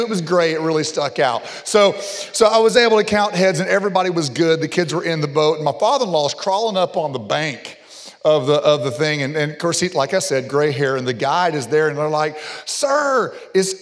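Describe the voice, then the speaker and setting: Middle-aged male pastor, lively joking story sermon, medium pitch, long hall echo. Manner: animated joking storyteller, gets loud on punchlines. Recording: long reverb of a large hall.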